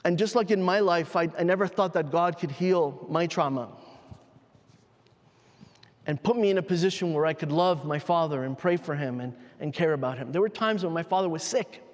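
High-voiced male pastor in a reverberant hall. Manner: personal, halting, emotional storytelling with many restarts. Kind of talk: sermon.

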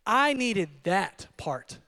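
A man in his thirties preaching a fervent sermon as pastor, swinging from hushed to shouting. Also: sits high, sing-song, very slow.

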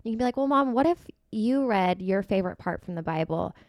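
A woman's voice: medium pitch, brisk, dry recording, studio quality. A young woman co-hosting a podcast, chatting casually and acting out little quotes as she talks. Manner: chatty, animated, full of acted-out quotes. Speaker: podcast co-host. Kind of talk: casual chat about wedding planning.

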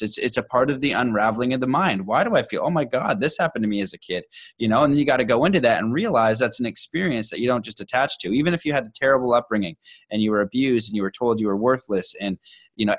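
A young male podcast host talks in an earnest, rambling way, full of casual slang. His voice sits at an ordinary middle pitch. The recording is dry, with little room sound. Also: no echo. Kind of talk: casual conversation.

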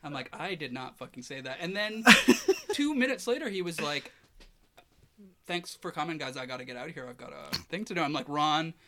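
A man in casual conversation, recounting an embarrassing moment with a bright, forceful tone and a slightly high voice. He is animated and self-deprecating, often sinking into a quiet mumble. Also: a little fast. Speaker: guest telling a story. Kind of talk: casual storytelling chat.

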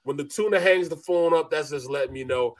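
A man's voice: fairly high pitch, brisk. A middle-aged man spins an easygoing sports story in casual chat, peppering it with bro and man. He acts out the other people in his tale. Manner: laid-back, says bro and man a lot, acts out quotes. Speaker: former NFL lineman, co-host.

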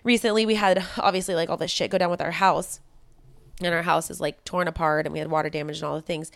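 A woman co-hosting a casual podcast, playfully defiant and quick to laugh, swearing freely between stories. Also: fairly low pitch, fairly even intonation, gravelly, no echo. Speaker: podcast co-host.

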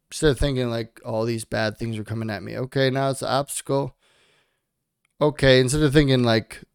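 Young guy on a podcast, gravelly voice, cusses a lot, motivational rant, mid pitch. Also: dry recording, clean studio sound. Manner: frank and profane, talking himself up with motivation. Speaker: podcast co-host. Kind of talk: casual podcast talk.

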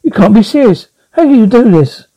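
A woman's voice: on the high side, very animated, a little fast, mellow. An actress playing a middle-aged wife who fusses over her pets in a cooing voice. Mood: horrified. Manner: cooing, fussing, frantic.

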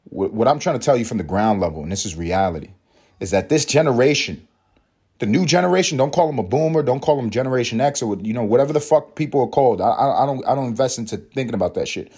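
Solo podcast host, male, husky, sarcastic, foul-mouthed, pitch jumping all over. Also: expressive, fast. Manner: profane, sarcastic and swinging between loud jabs and low mutters. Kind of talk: solo comedic podcast rant. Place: at home.

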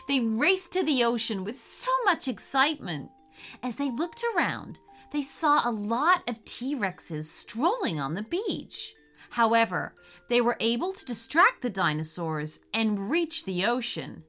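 Bright, sing-song woman storyteller. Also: fairly high pitch, very animated, takes it slowly, faint music behind. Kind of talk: children's story narration.

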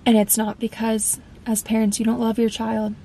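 A woman's voice: a little high, completely flat delivery, normal speed, creaky, dark tone, a little hiss or hum, poor audio. A woman in her twenties, host of a faith podcast, telling her personal testimony in an earnest, confessional way and acting out her past conversations.

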